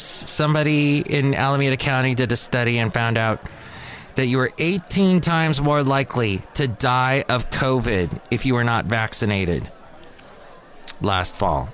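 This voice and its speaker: A man hosting a casual solo podcast, rambling and exasperated, now and then mimicking other people in a high squeaky voice. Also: fairly bright tone. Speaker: podcast host. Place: cafe.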